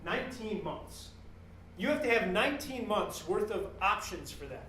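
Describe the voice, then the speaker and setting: Man, very high voice, animated joking keynote, echoey room, distant mic. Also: moderate pace. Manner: animated, joking, acts out customer exchanges in quoted voices. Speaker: guest speaker at a business talk series. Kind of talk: motivational business keynote. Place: event room with a live audience.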